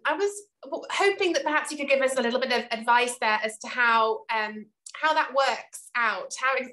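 Brief: woman moderator on a video call, polite and halting, slightly higher pitch. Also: pushed and bright, low-quality recording. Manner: measured and polite, halting with fillers. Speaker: panel moderator, head of drama. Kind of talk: moderating questions.

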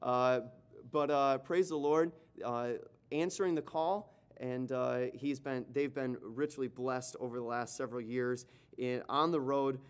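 A man's voice: medium pitch, fairly even intonation, clean tone. Joking pastor man introducing a guest. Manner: joking, halting, many fillers. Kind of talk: church announcement and introduction. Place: church sanctuary.

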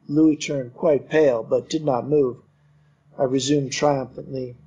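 A man narrating an audiobook in a measured, steady storytelling voice. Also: medium pitch, slightly rough. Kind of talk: audiobook reading. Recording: dull lo-fi recording.

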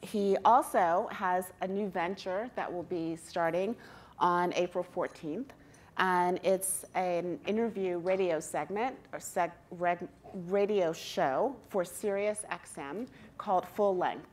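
A woman interviewer on stage introducing her guest and asking questions in a measured way, with small hesitations. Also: lowish voice. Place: stage before a live audience.

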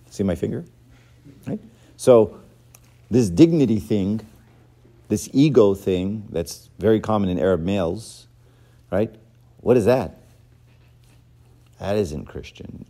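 Guy giving a church talk, low warm voice, chatty, keeps saying right?. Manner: conversational, joking, keeps asking "right?". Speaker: church teacher. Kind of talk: informal sermon lesson.

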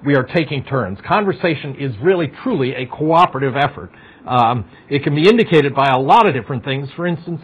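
A man's voice: a little high, breathy edge. A middle-aged man giving a university psychology lecture, talking conversationally, asking the class questions and making wry asides. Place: lecture hall. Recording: dull lo-fi lecture recording.

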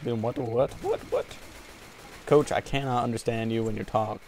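A man's voice: medium pitch, normal speed. A man giving casual let's-play commentary while gaming, joking and trash-talking as he plays. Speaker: gameplay commentator. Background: game music and gunfire.

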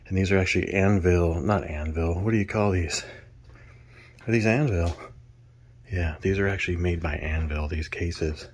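A man's voice: sits low, normal speed, a little hiss or hum. A man showing off gear in a casual, rambling way, out of breath from carrying things. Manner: rambling, counts items aloud. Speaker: drummer vlogger. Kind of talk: casual show-and-tell.

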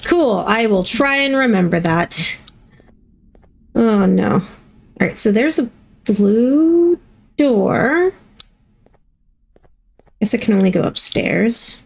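A high-voiced woman narrates her gameplay at an unhurried pace. She chats to herself and reacts playfully. It is casual let's-play commentary. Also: animated, creaky. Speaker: gaming video host.

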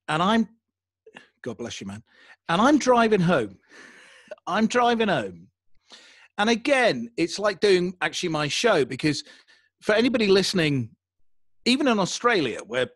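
English guy spinning a spooky yarn, voice bouncing all over, fairly high, dry sound. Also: husky, no room sound. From England. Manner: animated, self-deprecating storyteller. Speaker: podcaster guest. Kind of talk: casual storytelling interview.

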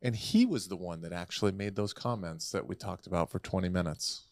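Deep-voiced joking man co-host. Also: brisk, gravelly, no room sound, studio quality. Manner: playful, teasing. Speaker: podcast co-host. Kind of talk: casual joking chat. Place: podcast studio.

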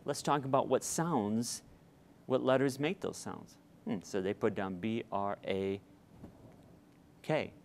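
A man's voice: fairly low pitch, slow, creaky, long pauses, slight background noise. A middle-aged man, a reading tutor, explaining step by step to parents in a patient instructional talk with some fillers.

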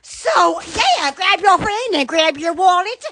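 A very high-pitched woman chats on a phone live stream, her voice bright and sharp. She talks slowly, with lively swoops in pitch. She squeals, yelps and laughs between her words. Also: slight background noise. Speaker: live-stream host selling shop goods. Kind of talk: rambling live-stream chat.

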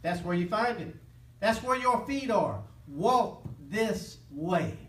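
A man's voice: high voice, expressive, slow, a bit bright. A man teaching a Bible lesson as an interactive sermon, earnestly calling out questions for his listeners to answer. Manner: call-and-response, prompting listeners to finish phrases; earnest and impassioned. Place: church hall with live listeners. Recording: echoey room from a distant mic.

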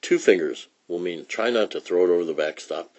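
A man's voice: deep voice, fairly quick, darkish tone. A man voicing a serious young boy from a comic strip, in a matter-of-fact way. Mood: dry.

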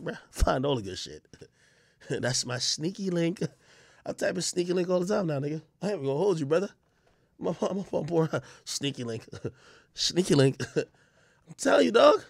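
A high-voiced man chats on a livestream, his pitch leaping all over as he laughs and yelps through crude stories. His tone is bright and tense, with a gravelly fry underneath, and the sound is dry and close. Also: no echo. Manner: loud, laughing, crude storytelling with sudden yelps. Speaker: streamer. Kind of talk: casual livestream chat.

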